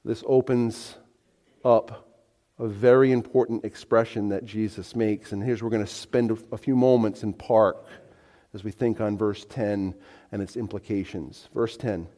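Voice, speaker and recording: A male pastor preaching a sermon in an animated, emphatic way that moves between soft and loud. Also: lowish voice, unhurried, in a large hall. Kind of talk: expository sermon.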